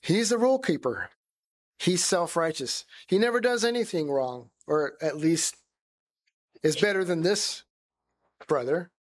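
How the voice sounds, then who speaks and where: High-voiced man teaching a Bible sermon. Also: lively intonation, unhurried, pauses often. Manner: conversational, acts out quoted voices.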